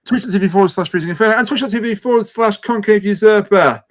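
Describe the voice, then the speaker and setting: A man with a notably high voice hosts a casual podcast chat. He rambles, trips over his own words and slips in dry jokes. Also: fast talker. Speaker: podcast host.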